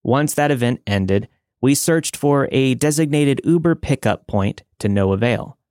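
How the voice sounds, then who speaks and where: A man hosting a podcast, reading listener stories as scripted narration in a measured, dramatic way. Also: medium pitch, expressive, a little mellow, no echo, studio quality.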